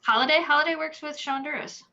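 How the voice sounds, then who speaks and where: A woman co-hosting a podcast in casual live-stream chat, chatty and excitable with quick replies. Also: sits high. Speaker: podcast co-host. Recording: dull lo-fi sound.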